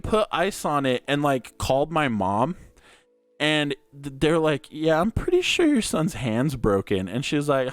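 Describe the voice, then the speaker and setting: A young man tells stories on a casual podcast in a smooth, clear voice. He swears freely and fills his lines with "like" in a loose, laid-back way. The sound is dry and close, with faint music underneath. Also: fairly high pitch, no echo. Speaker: podcast host. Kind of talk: casual storytelling chat.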